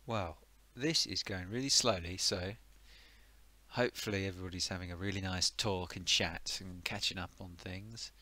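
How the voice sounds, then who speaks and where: A man's voice: low voice, fairly even intonation, normal speed, pushed and bright. A man streaming retro computer games, chatting casually with sardonic, muttered asides. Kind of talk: casual live-stream commentary.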